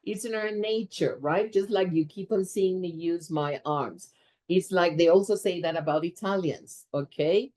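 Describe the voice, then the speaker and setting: A woman with a fairly low voice gives a lively workshop talk to teachers in her role as a teacher trainer. She is animated and expressive, often checking in with a quick "right?".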